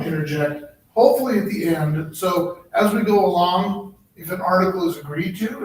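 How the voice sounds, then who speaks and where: A man presenting at a board meeting, halting with many ums and restarts, his voice a little worn. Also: fairly high pitch. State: slightly losing his voice. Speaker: human resources director. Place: public board meeting room. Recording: echoey room, distant mic, faint noise.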